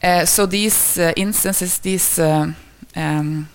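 A woman's voice: lowish voice, steady tone, slow pace, slight background noise. A woman presenting research findings at an academic talk, speaking hesitantly with many fillers and restarts.

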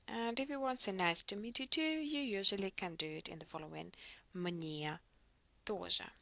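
A woman's voice: medium pitch, lively intonation, quick pace, vocal fry, pushed and bright, no room sound. A woman teaching a language lesson, patiently modelling words for the listener to repeat. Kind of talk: slow instructional lesson.

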